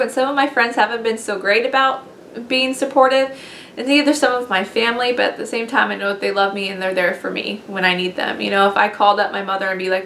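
A woman speaks straight to her viewers in a sincere, encouraging way, her voice sitting a little high. The room rings with noticeable echo, and a faint hum sits underneath. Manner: earnest and encouraging, speaks gently. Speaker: vlogger. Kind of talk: heartfelt direct-to-camera talk. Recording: echoey room.

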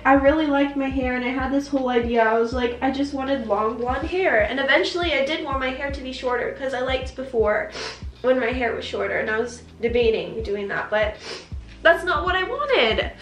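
A young woman telling the story of a bad haircut, close to tears and frustrated, acting out both sides of the conversation. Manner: tearful, frustrated, quotes herself and the hairdresser in higher voices. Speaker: vlogger. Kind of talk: emotional storytime rant. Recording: echoey room.

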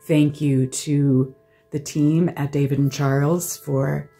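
A low-voiced woman with a slightly gravelly edge speaks slowly and softly as she chats and narrates. Her talk is gushing and often breaks into laughter. Music plays behind her. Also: level tone. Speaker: art vlogger. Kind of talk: casual vlog chat and voice-over narration.

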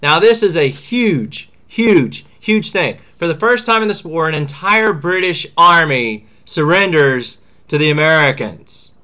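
A man's voice: a little high, expressive, measured pace, hardly any pauses, pushed and bright. A man teaching a history lesson in a casual, slangy way, acting out what historical figures say. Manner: chatty, slangy, acts out quotes.

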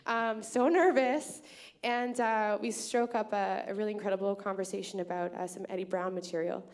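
A woman's voice: medium pitch, fairly quick. Woman host, from Canada, live stage emcee, chatty storyteller. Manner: chatty, grateful, storytelling with many fillers. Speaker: festival organizer and host. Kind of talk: onstage emcee speech to a live audience. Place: live theatre stage at a festival.

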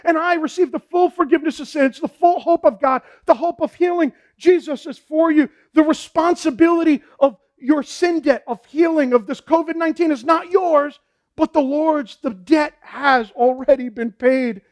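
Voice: high-pitched, moderate pace. A pastor preaching a sermon in a fervent, repetitive way, often saying "man" and "folks".

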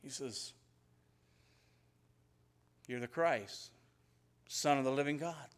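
A pastor telling Bible stories in a conversational sermon and acting out the dialogue. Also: male voice, medium pitch, slow, clean tone. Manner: conversational storytelling, acts out biblical dialogue. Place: church.

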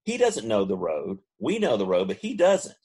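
Lively husky-voiced man telling a story. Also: normal speed. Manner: animated, mimics friends in high voices. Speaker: podcast co-host. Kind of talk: casual storytelling.

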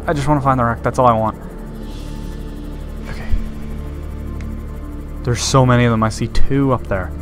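A man giving let's-play commentary while playing a game, nervous and easily startled, breaking into screams when scared. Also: medium pitch. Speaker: gameplay commentator.

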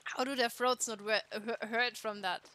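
A woman's voice: a little high, fairly even intonation, moderate pace, pushed and bright. A woman with a German accent chatting casually while playing a game, swearing freely and poking fun at herself. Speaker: let's play streamer. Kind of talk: casual gameplay chat.

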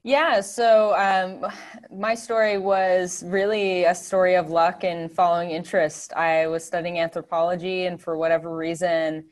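A woman answering questions as a webinar guest in a relaxed, conversational way with wry asides. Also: fairly low pitch, normal speed.

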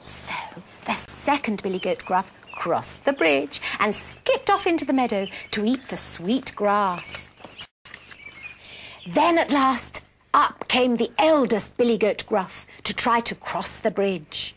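Lively high-voiced woman presenter for children. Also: slow pace, slight background noise. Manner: animated, coaxing, asks children questions. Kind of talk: storytelling and quiz game for children.

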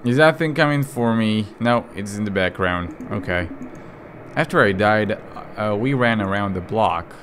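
A man's voice: on the low side, animated, normal speed, a bit bright, slight background noise. Joking man commentating a game. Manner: joking, reading in-game lines aloud with sudden outbursts. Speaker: gaming commentator. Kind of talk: let's play commentary.

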